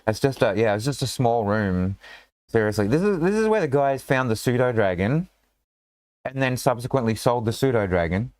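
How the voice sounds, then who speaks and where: A man's voice: medium pitch, lively intonation, moderate pace, a little mellow, no room sound. A man running a tabletop game as game master, in a rambling, casual way full of fillers and restarts.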